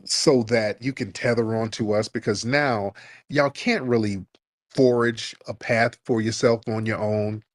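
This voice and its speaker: A man's voice: lowish voice, steady tone, unhurried, dry recording. Man, talk host, mocking rant, heated, dry close sound. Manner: mocking, ranting. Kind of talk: heated call-in debate.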